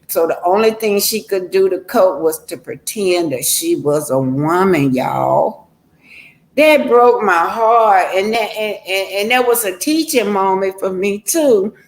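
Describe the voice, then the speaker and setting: Rambling older woman telling stories. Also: medium pitch. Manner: rambling, homespun, addresses viewers as y'all. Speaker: livestream host. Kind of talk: casual storytelling to a live chat.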